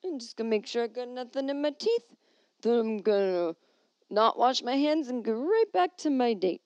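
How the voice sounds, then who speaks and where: A woman's voice: fairly high pitch, animated, normal speed, a little mellow, clean tone, dry recording, muffled recording, pitched above the performer's own voice, natural voice. A woman doing a tipsy, carefree urinator. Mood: breezy. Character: tipsy public urinator admiring own reflection, careless.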